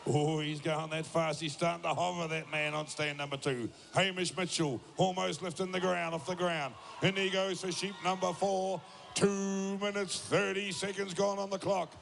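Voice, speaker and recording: A man's voice: high voice, gravelly, fairly bright tone, slight background noise. A man giving live commentary at a shearing contest, calling each stroke in technical detail.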